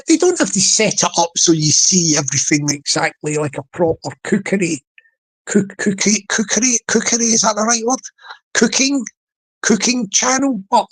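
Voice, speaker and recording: A man's voice: high-pitched, fairly bright tone, rough recording. A man hosting a casual livestream, rambling with many restarts and repeated words and chuckling often. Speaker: livestream host.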